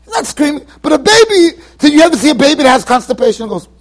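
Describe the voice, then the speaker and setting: A man with a Yeshivish American accent giving a lively Torah lecture in a yeshiva study hall, acting out his examples with sudden shouts. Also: very high voice, very fast. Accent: American Orthodox Jewish, Yeshivish. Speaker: rabbi giving a Torah class.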